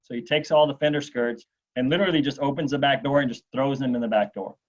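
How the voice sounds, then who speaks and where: A man in his forties, a guest telling a long anecdote in an interview, animated and acting out what others said. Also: medium pitch, quick pace. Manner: animated storyteller, acts out quotes. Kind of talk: storytelling in an interview. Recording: dull lo-fi sound.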